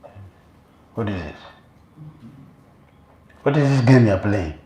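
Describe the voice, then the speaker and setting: A man monk giving a sermon as an animated storyteller, recorded in a temple hall. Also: lowish voice, measured pace. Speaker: monk preacher. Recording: echoey room, faint noise.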